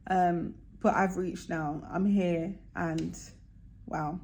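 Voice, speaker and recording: Vlogging casually about a trip, a young woman acts out the voices of those she quotes, jumping widely in pitch. Her tone is steady and a bit mellow, she speaks slowly, and there's a faint hiss or hum.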